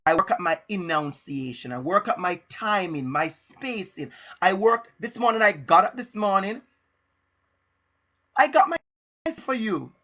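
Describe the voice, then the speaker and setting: A middle-aged man giving a live-streamed motivational talk as an educator, speaking deliberately and emphatically and repeating his key phrases. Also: high-pitched, expressive, pushed and bright, muffled recording. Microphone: laptop and phone.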